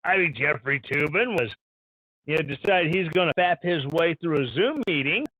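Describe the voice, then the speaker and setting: Brief: high-pitched male live stream host, irreverent ranting commentator. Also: expressive, normal speed, sharp tone, no echo. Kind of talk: sarcastic news commentary. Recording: dull lo-fi stream audio.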